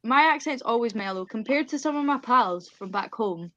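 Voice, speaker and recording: A woman's voice: fairly high pitch, animated, normal speed, pushed and bright, lo-fi sound. A woman from Scotland with a mild Scottish accent, chatting casually and laughing often as a podcast guest. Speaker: lead actress, podcast guest.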